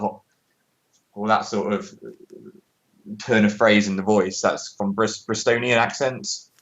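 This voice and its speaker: A man with a British accent, explaining things in a relaxed, measured casual chat. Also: on the low side, rough recording. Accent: British English. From England. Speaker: co-host.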